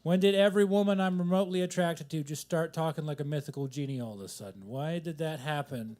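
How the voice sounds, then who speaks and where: A man's voice: a little high, quick pace, a little mellow. Rambling self-deprecating male stand-up comic. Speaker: stand-up comedian. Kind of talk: live stand-up at an open mic. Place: coffee shop open mic.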